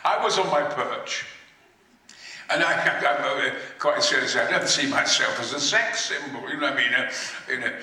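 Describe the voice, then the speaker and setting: An older man, an actor on a convention panel, telling stories in a booming, theatrical, sweary way with bursts of laughter. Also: moderate pace, bright, forceful tone. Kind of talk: anecdotal storytelling. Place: large convention hall. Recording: echoey hall from far off.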